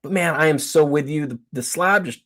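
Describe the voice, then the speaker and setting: A man's voice: fairly high pitch, fairly quick, a bit bright. A man talking as a guest collector on a live stream, chatty and informal. He often trails off and restarts mid-thought while weighing up a card. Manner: chatty, hesitant, lots of fillers and restarts. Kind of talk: casual expert commentary.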